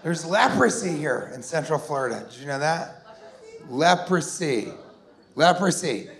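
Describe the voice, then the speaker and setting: A man in his forties doing a rambling, sarcastic stand-up set, sometimes bursting into shouted put-on voices. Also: on the high side, sing-song, normal speed, vocal fry, noisy background. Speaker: stand-up comedian. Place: comedy club stage before a laughing audience. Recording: roomy live club sound with crowd.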